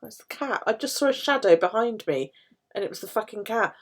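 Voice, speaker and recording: A woman's voice: mid-range voice, expressive, brisk, husky. A middle-aged woman chatting casually on a live stream, telling stories and swearing freely. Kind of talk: casual chat while journaling.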